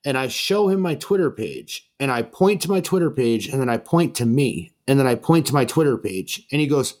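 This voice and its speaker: A man's voice: medium pitch, lively intonation, moderate pace, hardly any pauses, darkish tone. Laid-back young man telling a story. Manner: laid-back, profane, lots of fillers, acts out quotes. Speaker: podcast host. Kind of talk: casual storytelling chat.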